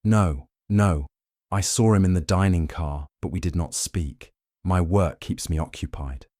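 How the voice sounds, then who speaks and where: A man voicing a charming, restless antiquities dealer with a smooth Italian accent. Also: low voice, a little slow, mellow, dry recording, studio quality.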